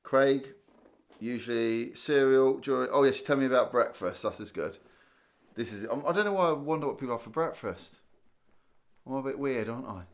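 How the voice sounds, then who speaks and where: A man from Guernsey hosting a casual live stream, tired and chatting loosely as he reads viewer comments aloud. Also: medium pitch. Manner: chatty, rambling, thinks aloud with restarts and small laughs. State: tired, yawning. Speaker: livestream host.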